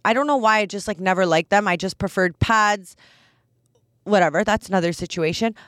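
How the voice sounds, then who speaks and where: A woman's voice: mid-range voice, a little fast, a bit bright, no room sound, clean studio sound. A young adult woman hosting a podcast, telling a personal story in a candid, chatty way full of fillers. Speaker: podcast host. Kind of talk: casual storytelling chat.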